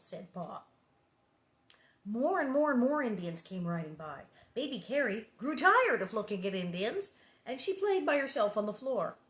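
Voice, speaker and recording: A woman's voice: mid-range voice, animated, normal speed. A woman in her sixties reading a children's book aloud and breaking off for wry, laughing asides. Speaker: reader and host. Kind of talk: storybook reading with chatty asides. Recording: roomy echo.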